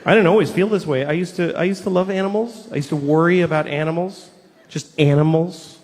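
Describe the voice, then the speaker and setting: A man in his forties doing a crude, deadpan stand-up comedy set. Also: a little high, fairly quick. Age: 40s. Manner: deadpan, crude, jumps into character voices. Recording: live hall with long reverb and background noise.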